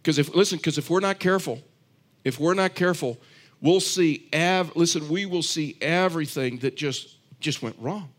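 A man's voice: on the high side, moderate pace. A man preaching a sermon, earnest and repetitive, telling stories with frequent restarts. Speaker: pastor.

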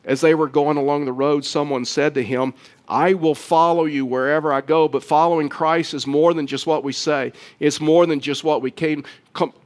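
A pastor preaches a sermon earnestly, his voice on the high side with fairly even intonation. He restarts often and grows louder and quicker toward the close.

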